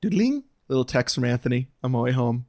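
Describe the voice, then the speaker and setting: A man's voice: medium pitch, big pitch swings, fast talker, warm tone, dry recording, clean studio sound. A man co-hosting a podcast who tells a rambling story full of laughs and restarts in casual chat. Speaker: podcast co-host. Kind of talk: scripted intro narration, then casual chat.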